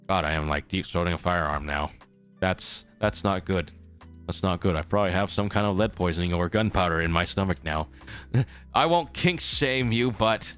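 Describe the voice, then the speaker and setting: A man's voice: sits low, fairly bright tone. A young man chatting casually to his live-stream viewers as a traveling merchant character, rambling and repeating himself as he corrects his words.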